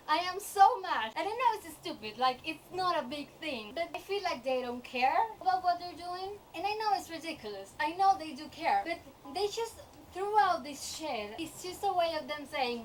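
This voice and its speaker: A young woman vlogger in a casual, animated rant about a TV show, exasperated and often laughing. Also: high voice, moderate pace, far from the mic, a little hiss or hum, poor audio.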